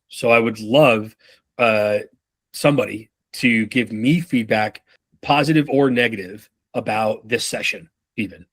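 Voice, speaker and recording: A man's voice: medium pitch, no echo. A man runs a leadership training session, talking loosely and with plenty of swearing. He acts out the feedback lines he wants his students to use. His mid-range voice is recorded close and dry. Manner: animated, profane, acts out examples. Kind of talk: casual training session talk.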